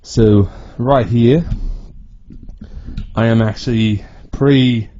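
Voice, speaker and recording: A man narrating his own video in a halting, rambling way, with many restarts and repeated words. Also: lowish voice, dark tone. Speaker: vlogger. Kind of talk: personal voice-over narration. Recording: dull lo-fi recording.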